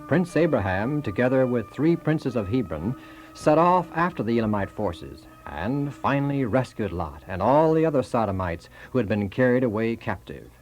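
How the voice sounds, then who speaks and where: Male narrator, lively and dramatic, with clear music underneath. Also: fairly low pitch. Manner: measured, dramatic. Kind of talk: scripted narration.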